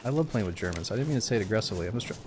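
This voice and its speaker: A male game streamer with a fairly low voice, riffing loosely through live gameplay commentary. He swears freely, jokes around and gets loud and excitable when the action picks up. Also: rapid-fire, background noise. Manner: excitable, profane, joking banter.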